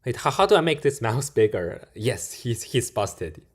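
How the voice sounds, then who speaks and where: A man's voice: mid-range voice, sing-song, moderate pace. A man giving casual reaction commentary on a video he watches at his computer, chatting along with frequent filler words. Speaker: YouTube reaction host.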